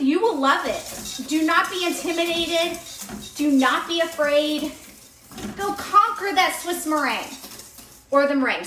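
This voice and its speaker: A woman's voice: sits high, bright, forceful tone, echoey room, slight background noise, poor audio. A chatty, enthusiastic woman teaching a live baking demo in her home kitchen and answering viewers' comments. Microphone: on-camera mic, moved around the kitchen. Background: mixer and kitchen clatter.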